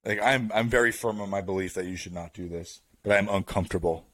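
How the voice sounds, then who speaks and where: Male podcast host, casual rambling storyteller, lowish voice, dry close sound. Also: fast, no echo. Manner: rambling, filler-heavy with "like" and "bro"; animated, builds up to louder bursts.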